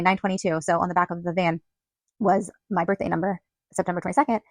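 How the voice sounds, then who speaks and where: A woman's voice: fairly low pitch, fairly even intonation, fast, no room sound. A woman hosting a podcast, telling a personal story in a chatty way, full of "like" and quoted dialogue. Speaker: podcast host. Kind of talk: casual storytelling monologue.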